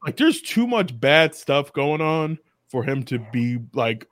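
A man chatting on a podcast, riffing in a joking, animated way. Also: medium pitch, slow, dry recording, studio quality. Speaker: podcast guest or co-host. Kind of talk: casual chat.

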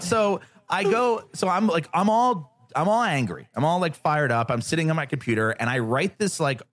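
A man recounts his projects as a guest in a casual interview, getting fired up and swearing freely as he acts out other people's lines. His voice sits at an ordinary pitch, and the recording is close and dry, with no room sound. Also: moderate pace, few pauses, no echo. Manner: animated, profane, acts out quoted voices. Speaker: podcast guest.

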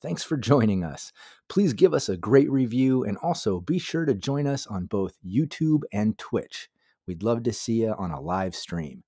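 A man reading a scripted podcast intro in a steady announcing manner. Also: lowish voice, unhurried, slightly rough, no echo, clean studio sound. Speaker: show announcer.

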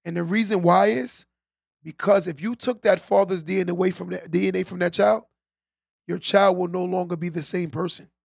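A man's voice: sits high, fairly even intonation, a little fast, creaky, no echo, clean studio sound. A man hosting a live stream, giving a preachy motivational talk to his viewers, repeating his key lines and often tagging them with "right?". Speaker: podcast host on a live stream.

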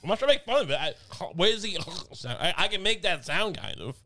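A man's voice: high-pitched, sing-song, quick pace, pushed and bright. A young man co-hosting a casual comedic podcast chat, rambling with stammered restarts and silly put-on voices. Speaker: podcast co-host.

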